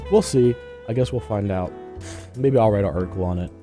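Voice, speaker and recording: A man's voice: lowish voice, brisk, music in the background. A young man hosting a student radio podcast, short of breath and congested, chatting loosely with many fillers before reading the news. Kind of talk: casual chat, then news reading.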